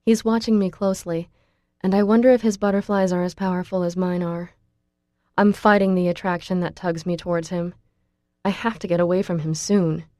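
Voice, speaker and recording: A woman reads a first-person audiobook in an intimate, expressive way. Her voice is fairly low and mellow, recorded close and dry. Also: brisk, no echo. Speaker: audiobook narrator.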